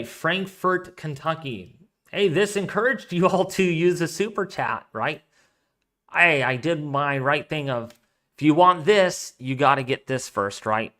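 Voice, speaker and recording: Guy rambling on a weather livestream, kinda higher voice, super smooth and clear. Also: fairly bright tone. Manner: chatty and rambling, thinking aloud. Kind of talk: casual live-stream chat reading donations.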